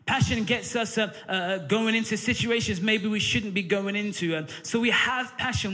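A man preaching a fervent sermon in church, calling for amens and pausing often with "uh" fillers. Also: high voice, bright, forceful tone, faint music behind. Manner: fervent preaching, calls for amen; frequent "uh" fillers between phrases.

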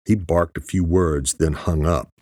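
Male audiobook narrator, very low voice, husky, steady, dry close sound. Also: measured pace, no room sound. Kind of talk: scripted narration.

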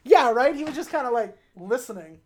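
A woman's voice: fairly high pitch, fairly quick. Woman animatedly recapping a film. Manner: animated storyteller, acts out characters' lines. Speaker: podcast co-host recapping a film. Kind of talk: casual chat.

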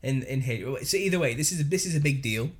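A man's voice: medium pitch, lively intonation, fast, slightly rough. A man co-hosting a podcast, reading news articles aloud with frequent laughter and put-on voices for quotes. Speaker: podcast co-host.

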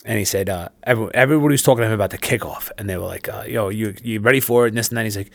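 A man co-hosting a sports betting podcast, talking football in a fast, profane, rambling way. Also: lowish voice, gravelly, dry recording. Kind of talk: casual sports chat.

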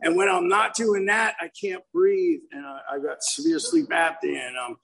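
A man's voice: a little high, fairly even intonation, normal speed, gravelly, a crowd in the background, poor audio. A man in his fifties telling his recovery story at a meeting, acting out the quotes with lots of animation. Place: meeting room.

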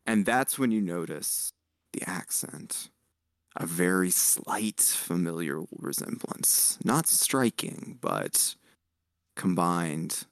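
Lively man narrating as game master. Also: sits low, extremely slow, long pauses, no echo, clean studio sound. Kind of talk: narrating a tabletop role-play game.

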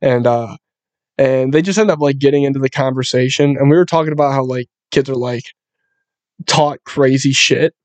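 A young man hosting a podcast, telling animated stories in casual chat, swearing often and acting out other people's voices. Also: moderate pace, no echo. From Buffalo area, US. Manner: animated storyteller, swears often, acts out quoted voices in a high pitch. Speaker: podcast host.

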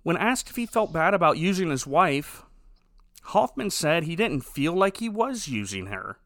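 A man hosting a podcast in casual chat, animated and incredulous, laughing often. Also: fairly high pitch, normal speed, dry recording, clean studio sound. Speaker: podcast host.

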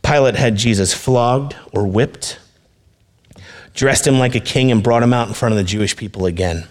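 A man's voice: medium pitch, moderate pace. A male pastor preaching a sermon in an earnest, conversational way, speaking directly to his listeners.

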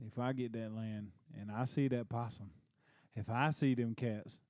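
A man's voice: medium pitch, steady tone, normal speed, a little mellow, dry recording, studio quality. A man in casual chat, blunt and joking.

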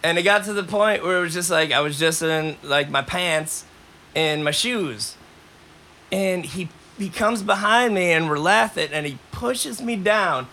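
Podcast host with a fairly high voice, telling loose, rambling stories. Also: male voice, a little slow. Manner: rambling, animated, coughs between lines. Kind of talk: casual storytelling.

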